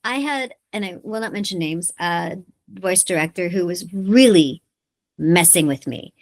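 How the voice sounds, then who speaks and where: A middle-aged woman voice actor, chatting in an interview as a lively storyteller who laughs often. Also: on the low side, unhurried. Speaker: voice actor guest. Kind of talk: casual interview chat.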